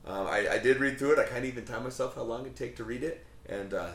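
A man's voice: mid-range voice, fast talker, reverberant. Man leading a casual Bible study. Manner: conversational, rhetorical questions, frequent ums.

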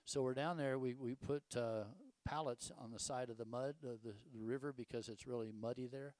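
A man's voice: medium pitch, steady tone, a little fast, darkish tone, no echo. An older man, preaching a casual, folksy sermon full of rhetorical questions and stories. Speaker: pastor.

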